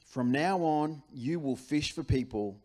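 A man's fairly high, unhurried voice carries an Australian accent as he preaches a church sermon. He's animated and conversational, with key phrases said again and again.

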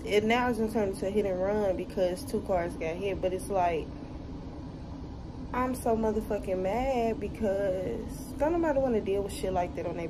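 A young woman with a drawl vents about her ruined trip, swearing and addressing her viewers directly. She's recorded on a phone, with clear noise around her. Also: mid-range voice. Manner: upset, venting, profane, talking straight to viewers. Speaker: vlogger. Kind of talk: casual vlog talk to camera. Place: hotel room and car park on a trip.

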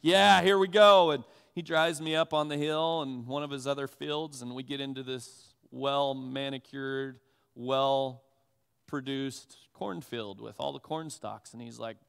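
A man's voice: mid-range voice, unhurried, creaky, smooth. Conversational man preaching in a reverberant church. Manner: conversational, animated, self-deprecating. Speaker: pastor. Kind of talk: sermon with personal storytelling. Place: church sanctuary. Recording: long reverb of a church hall.

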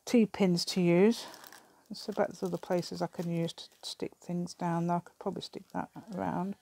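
A craft vlogger with an English accent, middle-aged, talks casually as she works at her table, thinking aloud, rambling and often laughing. The table camera captures her lowish, gravelly, dark voice, level in tone at normal speed.

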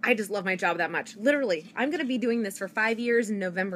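A young woman talks in a rush of excitement, pitching from home to viewers on a live video. Her voice sits a little high and she gushes without pause, with a faint background hum in the room. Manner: fast-talking, gushing, enthusiastic. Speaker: direct sales consultant. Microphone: phone or webcam.

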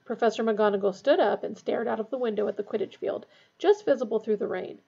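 A woman reading a storybook aloud in a steady, expressive way. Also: fairly high pitch, fast, creaky, husky. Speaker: reader. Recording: dull lo-fi recording.

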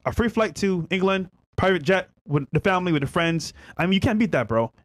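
A man's voice: sits high, animated, brisk, no room sound. A man co-hosting a podcast, chatting casually and chiming in with short reactions. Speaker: podcast co-host. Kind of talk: casual chat.

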